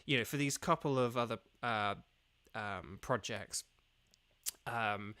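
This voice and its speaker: A man's voice: medium pitch, slow pace, pushed and bright, clear, resonant tone, no room sound. An English man, a voice actor, chatting casually on a livestream, rambling with many fillers and restarts. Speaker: streamer and voice actor.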